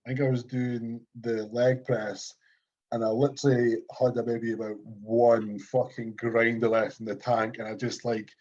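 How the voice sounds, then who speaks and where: A Scottish man co-hosting a podcast, talking about bodybuilding in animated, sweary casual chat. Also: medium pitch, moderate pace, muffled recording. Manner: animated, sweary gym talk. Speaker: podcast co-host.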